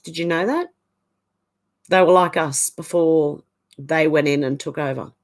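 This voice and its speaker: Streaming live from a room in her home, an Australian host reads viewers' comments and greets each by name with a bright, lilting "how you going," keeping things chatty. She speaks a little slowly in a low, steady voice.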